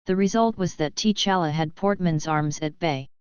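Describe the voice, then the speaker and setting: A woman reading an action story aloud in an even, measured way. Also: deep voice, clear, resonant tone, no room sound, dull audio. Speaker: narrator. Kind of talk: storybook narration.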